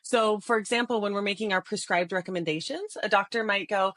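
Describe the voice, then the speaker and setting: A lively middle-aged woman talks casually on a podcast and acts out sample lines in different voices. She laughs often between points. The sound is dry and close, with no room echo. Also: mid-range voice, fairly quick, few pauses. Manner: animated, laughs often, acts out example dialogue. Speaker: podcast guest, sales trainer. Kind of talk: casual interview talk with demonstrations.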